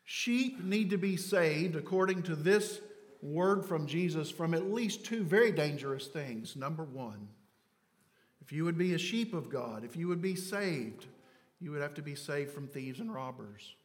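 A man preaching a sermon, swinging from loud emphatic phrases to hushed low words. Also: expressive, measured pace. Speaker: pastor. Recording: long hall reverb.

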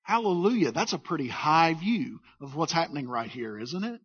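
A man preaching a sermon as pastor, emphatic, leading the congregation in call-and-response and pressing his points in slow, weighty phrases. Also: fairly high pitch, big pitch swings, fairly bright tone, slightly rough. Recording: dull lo-fi sound.

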